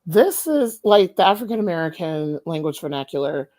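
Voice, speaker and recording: A woman's voice: deep voice, normal speed. A woman podcast host who also teaches, interviewing an author in an enthusiastic, chatty way. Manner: enthusiastic, animated, many fillers. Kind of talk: casual interview chat.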